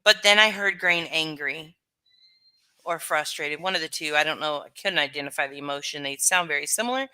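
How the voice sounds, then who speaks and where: A woman hosting a casual live stream, talking loosely with lots of "like" and "um" as she answers viewer comments. Her voice sits a little low, yet it sounds bright and forceful. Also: a little fast, clear, resonant tone. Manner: chatty, lots of fillers, answers comments aloud.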